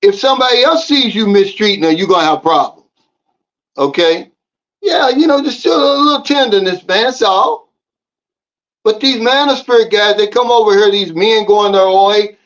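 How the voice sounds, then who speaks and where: Man, American, vlogger, high voice, emphatic preachy advice, slightly muffled audio. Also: expressive, normal speed, fairly bright tone. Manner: emphatic, preachy, talks straight to viewers. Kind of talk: casual advice monologue to camera.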